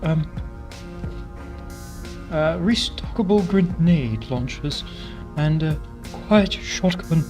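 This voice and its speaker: Brief: a man doing a breathy posh aristocrat for a game stream, upper-class British accent. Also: on the high side, animated, takes it slowly, pauses often, darkish tone, soft background music. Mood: musing.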